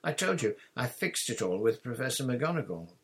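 A man reading aloud, voicing a bossy, clever teenage schoolgirl in a brisk, prim, raised voice. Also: lowish voice, wildly swooping pitch, a bit bright, slightly rough, heavily acted. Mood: snappish.

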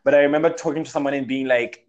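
A young man with a mid-range voice tells a personal story in a casual chat, speaking rapid-fire over lo-fi sound. His delivery is animated and packed with fillers, especially "like."

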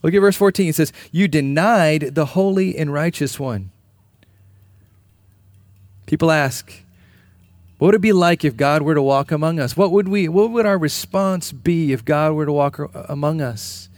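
A man's voice: a little high, normal speed, no room sound. A man preaching a sermon in an earnest, emphatic way, repeating key phrases. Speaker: pastor.

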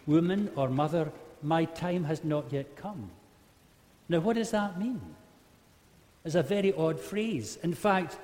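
A man's voice: on the high side, a little mellow. A man preaching a humorous sermon, telling a Bible story and acting out the quotes in varied voices. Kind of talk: sermon storytelling to a live group. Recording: long hall reverb.

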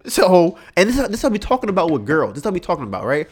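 A man hosting a podcast, telling stories in an animated, profane way and often asking "right?". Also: high voice, rapid-fire, husky. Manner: animated, profane storytelling with many rhetorical "right?"s. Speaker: podcast host. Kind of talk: casual chat.

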